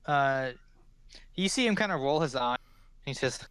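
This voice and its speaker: A man's voice: medium pitch, animated, measured pace, fairly bright tone, clear, resonant tone. A man narrating a tabletop game as game master, rambling with many fillers.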